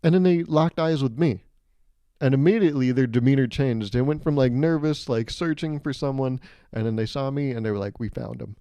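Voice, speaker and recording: A man hosting a solo comedy podcast, telling animated, self-mocking stories and laughing mid-sentence. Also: medium pitch, a little fast, smooth, no room sound. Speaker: podcast host.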